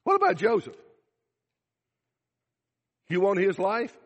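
Guy preaching in a church, lively up and down delivery, bit husky, long reverb. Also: sits high, a little slow, long pauses, muffled recording. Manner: animated, acts out dialogue, asks the congregation questions. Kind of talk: sermon.

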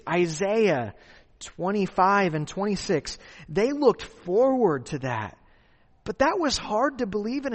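A man preaching a sermon, asking rhetorical questions and repeating his key points for emphasis. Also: on the high side. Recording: long hall reverb.

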